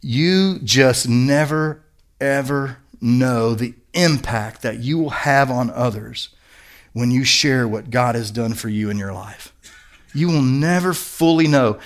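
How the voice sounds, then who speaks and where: A man's voice: medium pitch, a bit bright. A middle-aged male pastor preaching a sermon in an earnest, conversational storytelling manner.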